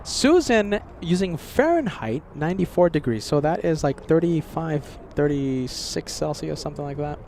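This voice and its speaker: A man's voice: fairly high pitch, expressive, moderate pace, creaky, hardly any pauses, a little mellow. An American man hosting a casual live stream outdoors at an airport, chatting and thanking viewers. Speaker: livestream host. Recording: faint outdoor traffic noise. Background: faint street and vehicle noise.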